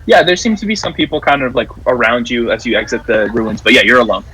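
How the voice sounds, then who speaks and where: A man narrating as game master of a tabletop game, describing scenes in a halting way with many fillers. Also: mid-range voice, pushed and bright, slightly rough, low-quality recording.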